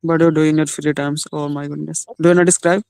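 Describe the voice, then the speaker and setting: Smooth-voiced learner reading aloud haltingly. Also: male voice, a little high, level tone, darkish tone, no echo, poor audio. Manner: reads haltingly, with non-native grammar. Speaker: student in an online class. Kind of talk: reading aloud and casual chat.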